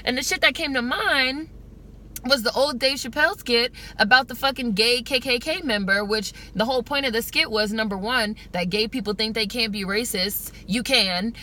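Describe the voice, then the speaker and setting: An American woman in a car, ranting in an emphatic, profane, fast-talking way for her vlog. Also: a little high, bright, forceful tone. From United States. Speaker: vlogger.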